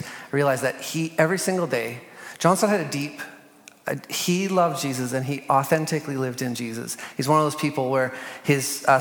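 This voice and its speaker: A man leading a church panel discussion, earnest, reading prayers slowly and softly. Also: medium pitch. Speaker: pastor. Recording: long hall reverb.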